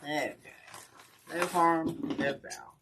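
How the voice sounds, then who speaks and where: A woman's voice: low voice, slow pace. Tired woman chatting while crafting. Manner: tired, self-deprecating, chatty with viewers. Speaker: wreath-making channel host. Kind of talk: casual craft tutorial live stream. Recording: steady background noise.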